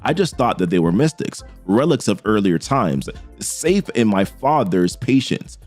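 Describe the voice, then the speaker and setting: A man reading out the lines of a resolute young warrior king from a comic, slowly and gravely. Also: lowish voice, very animated, darkish tone, faint music behind, pitched below the performer's own voice.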